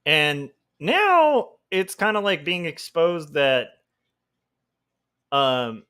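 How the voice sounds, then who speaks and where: A man who is a comic artist, chatting casually on a livestream while he draws, thinking out loud with lots of fillers and restarts. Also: on the high side, huge pitch swings, drawn-out words, smooth. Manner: thinking aloud, rambling with fillers. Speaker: comic artist streaming his work.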